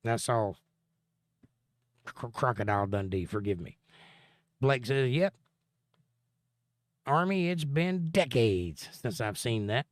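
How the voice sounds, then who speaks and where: A man's voice: medium pitch, animated, takes it slowly, pauses often, no echo. Dry-humored man reading live chat. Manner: dry, joking and sarcastic. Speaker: livestream host. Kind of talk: casual livestream chat, reading viewer comments aloud.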